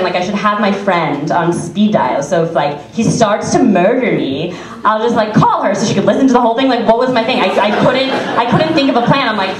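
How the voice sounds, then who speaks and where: Fast and with lively intonation, a young adult woman comic delivers a chatty stand-up story in front of a club audience, laughing as she goes. Her voice is medium-pitched, and the sound is distant and echoey with the crowd audible.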